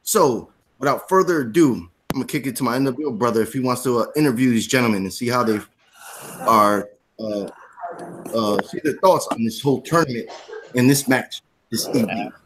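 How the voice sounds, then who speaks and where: A man's voice: mid-range voice, a little fast, fairly bright tone, a little hiss or hum. A man hosting a trivia show in a put-on Jamaican accent, playing a wrestling-style villain persona. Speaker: host.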